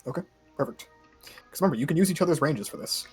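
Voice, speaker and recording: A man running a tabletop game as game master, briskly reading out rules, his voice starting to give out. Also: on the high side, expressive, breathy edge, faint music behind. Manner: brisk, reads rules aloud. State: voice giving out.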